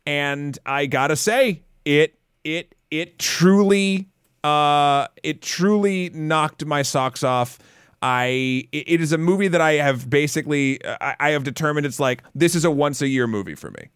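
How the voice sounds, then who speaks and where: A man co-hosting a film podcast talks in loose, rambling chat, restarting his sentences and swearing now and then. His voice sits fairly high and sounds smooth and clear. The recording is dry, with no room sound. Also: animated, normal speed, few pauses, a bit bright, no echo. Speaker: podcast co-host.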